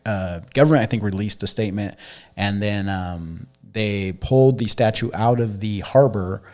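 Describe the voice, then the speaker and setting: A man's voice: fairly low pitch, normal speed, a little mellow. A young adult man co-hosting a podcast, talking casually and rambling with lots of profanity and fillers. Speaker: podcast co-host.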